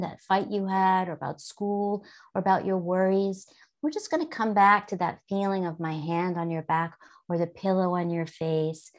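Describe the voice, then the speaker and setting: A middle-aged woman explaining mindfulness for children, calm and gently instructive, sometimes speaking soothingly as if to a child. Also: mid-range voice. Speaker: guest expert on mindfulness. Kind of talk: conversational explanation.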